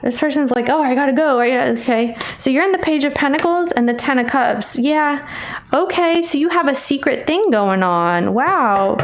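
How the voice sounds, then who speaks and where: A woman's voice: sits high, animated, normal speed, slight background noise. A woman giving a casual tarot reading, chatty and teasing, calling the listener babe. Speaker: tarot reader.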